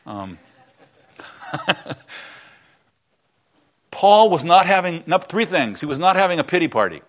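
A man's voice: a little high, very animated, a little slow, fairly bright tone. A man preaching a sermon in a church, teaching in a conversational way and chatting with the congregation between points. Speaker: pastor.

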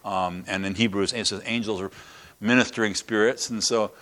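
This older pastor's voice sits on the low side and moves at a normal speed. During his sermon he retells a Bible story and a personal anecdote, animatedly acting out the quoted voices and chuckling.

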